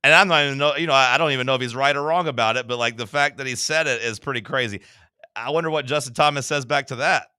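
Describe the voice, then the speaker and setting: A sports talk co-host with a bright, forceful and crisp voice, recorded dry and close. He rambles along in animated, casual banter, slipping in mock quotes as he goes. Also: mid-range voice, fast, dry recording.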